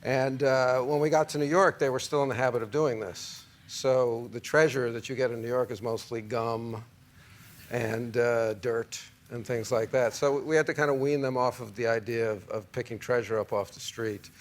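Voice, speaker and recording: A man's voice: mid-range voice, steady tone, moderate pace. A man in his forties, a talk show guest, telling a long anecdote in a rambling way, with many fillers and restarts. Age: 40s.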